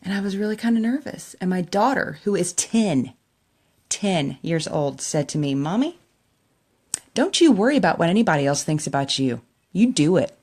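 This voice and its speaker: A woman's voice: on the low side, very animated, moderate pace, darkish tone, breathy edge. A middle-aged woman chatting emotionally to her camera while doing her makeup, laughing often. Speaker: makeup vlogger. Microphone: camera in front of her.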